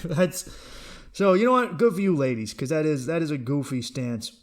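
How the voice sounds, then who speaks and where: A man's voice: on the high side, brisk. Profane riffing male comedy podcast host. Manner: profane, riffing, laughing at own jokes. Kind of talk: comedic monologue.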